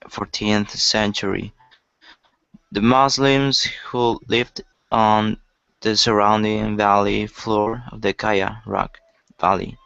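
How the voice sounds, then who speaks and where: A man reading aloud haltingly as a student in an online class, over a video call. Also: on the low side, creaky, a bit bright, no echo. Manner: halting, stumbles over words. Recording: dry muffled call audio.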